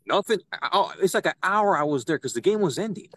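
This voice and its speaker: A young man, a podcast guest, telling an animated story and acting out the people he quotes. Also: sits high, fast, no room sound. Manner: excitable, acts out quoted voices. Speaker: podcast guest, citizen news reporter.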